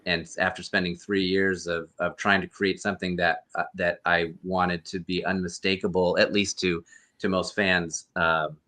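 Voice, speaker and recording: A man's voice: sits low, level tone, moderate pace, pushed and bright. A man, a guest actor and costume performer, earnestly telling a rambling story over a video call. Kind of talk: casual storytelling interview.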